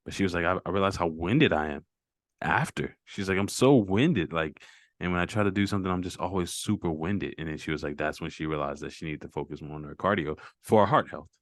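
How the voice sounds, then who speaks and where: Guy with a real low voice, fitness coach chatting on a call, lots of mm-hmms, dry sound. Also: fast, a bit bright, no echo. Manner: encouraging, lots of "mm-hmm" affirmations. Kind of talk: casual video call check-in.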